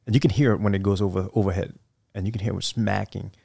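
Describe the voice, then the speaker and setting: A man's voice: on the low side, fairly even intonation, quick pace, creaky, mellow, husky, no room sound, clean studio sound. A middle-aged man, a guest in a casual interview, telling stories with lots of fillers and restarts. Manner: rambling, many fillers and restarts. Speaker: guest, retired Marine officer.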